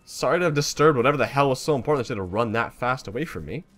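A man's voice: medium pitch, lively intonation, very fast, fairly bright tone. A young man streaming a video game, reacting with exasperated, swearing running commentary. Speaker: gaming streamer. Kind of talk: let's play commentary.

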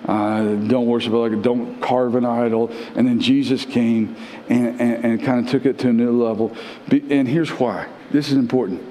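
A male pastor giving a conversational live sermon, repeating phrases and climbing in pitch to press his points. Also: steady tone, moderate pace, dark tone, slight background noise. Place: church sanctuary. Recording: roomy church with long reverb.

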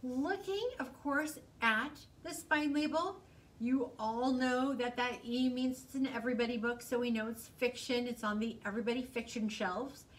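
A woman librarian reading a picture book aloud to children in an expressive, sing-song storytelling voice. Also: fairly high pitch, moderate pace, far from the mic. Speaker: school librarian.

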